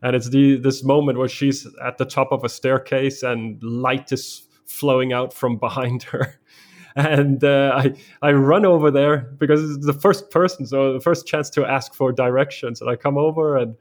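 A man speaks as a guest in a conversation. He tells his story vividly, in the present tense, at a middling pitch. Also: fairly even intonation, normal speed. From Denmark.

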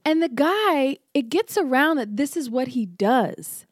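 Animated storytelling woman, high voice. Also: measured pace, dry recording, clean studio sound. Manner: animated storyteller, acts out quotes. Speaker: podcast co-host. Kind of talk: casual chat.

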